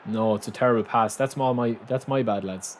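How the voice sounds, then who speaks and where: A man streaming a football video game live, thanking viewers and shouting excitedly at his players. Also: medium pitch, fairly quick, slight background noise. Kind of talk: live gaming commentary.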